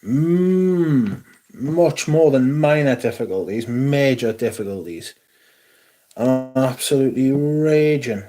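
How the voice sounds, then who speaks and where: A man's voice: medium pitch, lively intonation, takes it slowly, warm tone. A man hosting a casual livestream, sweary and grumbling about technical trouble before greeting his viewers. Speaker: livestream host.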